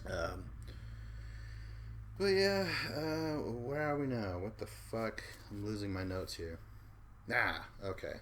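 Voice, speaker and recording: A man with a somewhat low voice hosts a podcast solo. He recaps in a loose, rambling way and tosses in offhand profanity. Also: expressive, takes it slowly, long pauses, fairly bright tone, slight background noise. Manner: rambling and offhand, swears casually. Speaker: podcast host. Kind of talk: casual recap commentary.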